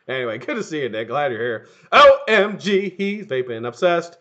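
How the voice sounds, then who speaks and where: Man, live-stream host, casual profane chat, lively up-and-down pitch, slightly high voice, muffled lo-fi sound. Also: brisk, few pauses. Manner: profane, excitable, laughing often, shouting names to greet viewers. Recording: dull lo-fi webcam audio.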